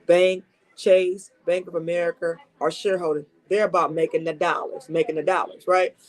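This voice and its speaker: A car saleswoman with a lowish, fairly flat voice speaks at a moderate pace from her desk in a dealership office, giving casual advice to the camera. She's coming down with a cold and sounds a bit sniffly. Chatty and emphatic, she drives each point home by saying it twice.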